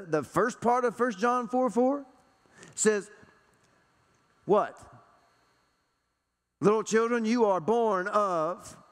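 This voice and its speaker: A man preaches emphatically to a church congregation, hammering home repeated rhetorical questions. His voice sits high and echoes through the large hall of the sanctuary.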